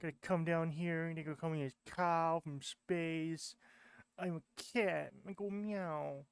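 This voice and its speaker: A man's voice: on the high side, fairly even intonation, unhurried, gravelly, smooth, dry recording. A man voicing a sulky, complaining male creature from space in a fan animation. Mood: grumbling.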